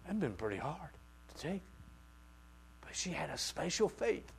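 A man preaching a sermon, swinging from quiet asides to loud outbursts and acting out the voices he quotes. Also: on the high side, sing-song, unhurried, gravelly, a little hiss or hum.

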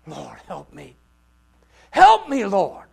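A man voicing a desperate woman who begs for help, crying out high and loud. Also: very animated, brisk, slight background noise, natural voice. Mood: pleading.

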